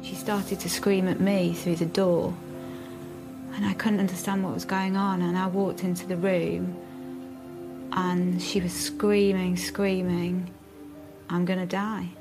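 Gravelly, flat-toned woman interviewee. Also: on the low side, measured pace, over music. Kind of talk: emotional interview recollection.

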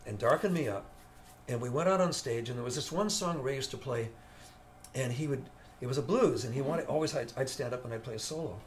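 An older man, a veteran studio guitarist, telling an animated story in an interview and acting out the voices of the people in it. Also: mid-range voice, slight background noise.

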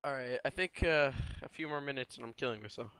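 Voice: mid-range voice, quick pace, background noise. A gamer on voice chat with friends, laughing a lot and talking in casual slang. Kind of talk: playful voice chat banter.

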